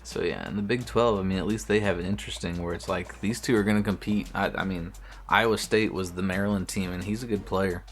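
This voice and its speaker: Low-voiced man chatting over gameplay. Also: fairly even intonation, a little fast, soft background music. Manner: talks to himself while playing, swears often, restarts sentences. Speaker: streamer. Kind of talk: casual gameplay commentary.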